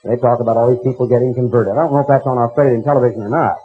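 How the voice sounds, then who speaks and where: Older American preacher, husky and wry, tinny lo-fi tape. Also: male voice, medium pitch, steady tone, racing. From United States. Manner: folksy storytelling, mocking impressions. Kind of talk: sermon with anecdotes. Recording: tinny phone-like recording.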